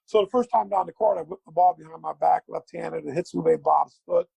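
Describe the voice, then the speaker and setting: A middle-aged man spins a basketball story, acting out every quote with gusto. His voice sits high and runs gravelly and husky. The sound is dry and close. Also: fairly quick, dry recording, poor audio. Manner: lively anecdote teller, acts out quotes. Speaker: guest, former pro basketball player. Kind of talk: animated storytelling.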